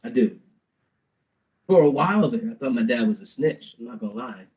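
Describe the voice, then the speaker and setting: A young man doing a stand-up comedy set, telling his stories in an animated, loose way. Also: mid-range voice, fairly quick, low-quality recording. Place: live-streamed show.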